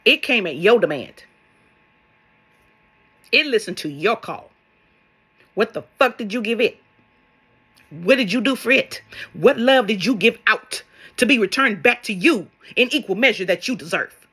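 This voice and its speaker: A woman's voice: on the high side, expressive, unhurried, pauses often, a bit bright, slightly rough. A woman speaking as a spiritual love coach in a vlog monologue, blunt and sassy, swearing and firing rhetorical questions at her viewers.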